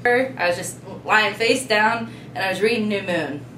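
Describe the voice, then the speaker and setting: A woman's voice: medium pitch, unhurried, fairly bright tone. A young woman telling a story in a dry, matter-of-fact casual vlog style. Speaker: vlog co-host. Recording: echoey room with faint noise.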